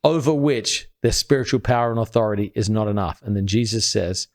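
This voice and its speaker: A man talks through a scripture passage as if teaching friends at a table. He is earnest and builds his point step by step. His voice sinks low and soft whenever he quotes a verse. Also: brisk. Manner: drops quiet and low when quoting scripture. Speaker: podcast co-host. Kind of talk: conversational Bible teaching.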